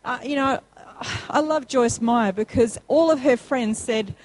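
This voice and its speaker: High-voiced woman preaching emphatically. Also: a little slow, darkish tone, rough recording. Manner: emphatic, rising to high call-and-response peaks. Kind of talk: sermon.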